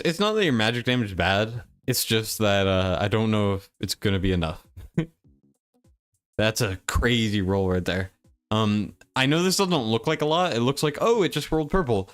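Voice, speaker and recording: A young man casually talking through a game stream in a low-key, near-monotone way, reading chat aloud. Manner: laid-back, mumbling, reads chat aloud.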